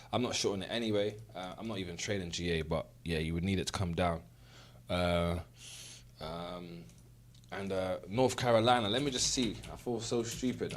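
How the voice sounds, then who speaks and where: Guy doing a live trading stream, kinda low voice, rambly and loose, swears a lot. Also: a little hiss or hum. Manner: rambling and loose, often tagging "right?" and "man", with swearing. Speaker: trading livestream host. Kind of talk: casual live-stream commentary. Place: home in the UAE.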